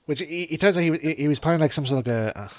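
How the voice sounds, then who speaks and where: A man chatting casually as co-host, retelling cartoon scenes with lively impressions. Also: on the high side, racing. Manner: animated storytelling with voice impressions. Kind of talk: casual chat.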